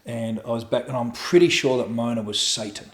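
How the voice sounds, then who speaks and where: A man's voice: medium pitch, brisk. A middle-aged man telling a raw personal story as a podcast guest, swearing freely and acting out what people said. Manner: profane, animated storytelling with acted-out quotes. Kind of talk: candid storytelling interview. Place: room in his home. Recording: echoey room at home.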